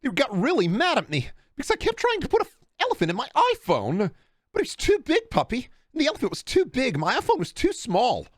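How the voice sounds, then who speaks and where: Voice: high voice, wildly swooping pitch, a little fast, dry recording, studio quality, pitched above the performer's own voice, full character voice. A voice changer turns a man's voice into a flirty woman who teases her "puppy".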